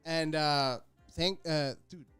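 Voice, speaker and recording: Animated storytelling man, slightly high voice. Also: takes it slowly, faint music behind. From Texas Rio Grande Valley. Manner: animated, acts out voices in his stories, mixes in Spanish slang. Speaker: comedian guest. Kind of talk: casual storytelling on a podcast.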